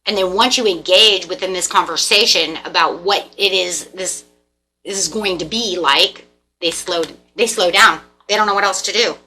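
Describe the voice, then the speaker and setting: A woman giving a casual tarot reading, animated and repetitive, acting out the people in the cards. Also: fairly low pitch, moderate pace. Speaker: tarot reader.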